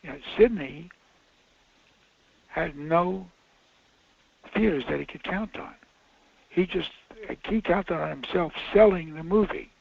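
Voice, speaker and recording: A man's voice: fairly high pitch, takes it slowly, vocal fry, pauses often, no echo. An older man, a film director and guest, telling rambling anecdotes with restarts and emphatic bursts. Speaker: filmmaker guest. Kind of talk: casual anecdote. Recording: lo-fi audio.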